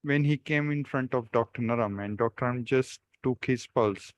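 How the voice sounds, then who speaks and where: Man, smooth resonant voice, dry close sound, halting plain English, video call co-host. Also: mid-range voice, dry recording, highs cut off. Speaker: co-host and storyteller. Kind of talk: telling an anecdote.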